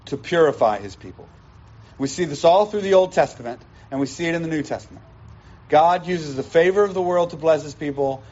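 A man's voice: fairly high pitch, a little mellow. A man preaching a sermon as pastor, emphatic and teaching, repeating his key points. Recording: dull lo-fi sound.

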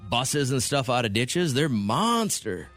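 A man co-hosting a radio show, chatting casually and telling funny stories in a joking, lively way. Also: medium pitch, takes it slowly, soft background music. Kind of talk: casual morning radio banter.

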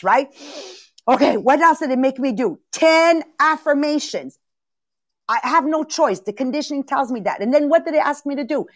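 A middle-aged woman giving a live motivational talk as a coach, energetic and repetitive, calling on listeners by name. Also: fairly high pitch, no room sound. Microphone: video call.

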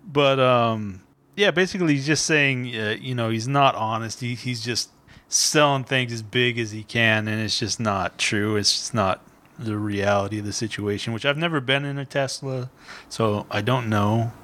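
A man's voice: mid-range voice, steady tone, moderate pace, sharp tone. A male podcast co-host in casual chat, summarizing a news story and chuckling partway through his sentences.

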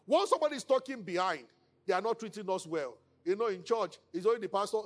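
A man with a Nigerian accent preaching a sermon as pastor, animated and acting out quoted speakers in hushed tones. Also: high voice, quick pace.

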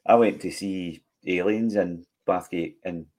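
A man's voice: low voice, fairly even intonation, measured pace, a little mellow. A Scottish man chatting casually on a podcast, rambling and restarting his sentences. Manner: rambling, restarts a lot with "kinda" and "aye". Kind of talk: casual chat.

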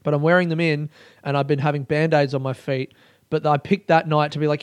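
Animated, swearing man telling a story. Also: on the high side, a little fast, clear, resonant tone, dry recording. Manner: animated and profane, with frequent laughter. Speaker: solo storyteller. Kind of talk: casual storytelling monologue.

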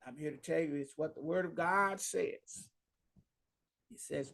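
A male pastor preaches slowly, with a gravelly, creaky voice. His delivery is halting and full of repeated words, and it builds to emphatic high peaks. It is a sermon, unhurried and earnest. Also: a bit bright.

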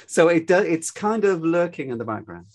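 A fairly high, sing-song voice at a moderate pace belongs to an older man from Scotland with a light Glaswegian lilt. As an interview guest he chats casually, turning reflective and slipping into stories.

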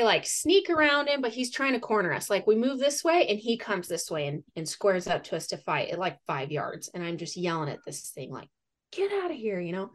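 A woman guest on a podcast, telling a hunting story in a lively, casual way with laughs and acted-out quotes. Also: medium pitch. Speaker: podcast guest, fitness coach and moose hunter.

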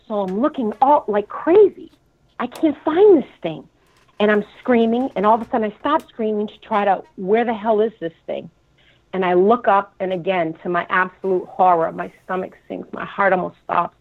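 A woman with a Boston accent calling in, retelling a frightening experience in an animated, dramatic way. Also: mid-range voice, normal speed. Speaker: caller. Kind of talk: call-in storytelling. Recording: tinny phone line.

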